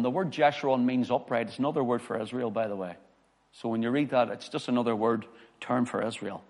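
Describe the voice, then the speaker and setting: A man's voice: mid-range voice, brisk, darkish tone. A man preaching a sermon as pastor, reading scripture with emphasis and telling personal stories. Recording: long hall reverb.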